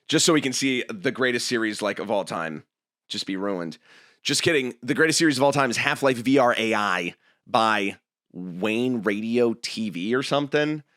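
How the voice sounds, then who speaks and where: A young man hosting a podcast, chatting casually and reading viewer messages, animated and full of restarts. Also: medium pitch. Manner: animated, jumping between topics with laughs and restarts. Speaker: podcast host reading super chats. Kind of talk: casual livestream chat.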